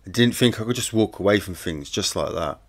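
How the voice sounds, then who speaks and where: Male narrator, lowish voice, conversational first-person true-crime read. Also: expressive, brisk. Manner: plain, conversational storytelling. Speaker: audiobook narrator.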